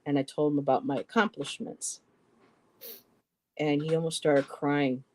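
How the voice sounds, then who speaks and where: A middle-aged man telling a personal story in a halting way, repeating words and quoting what others said. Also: fairly high pitch, flat delivery, a little mellow, slight background noise. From western New York, US. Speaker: poetry show co-host.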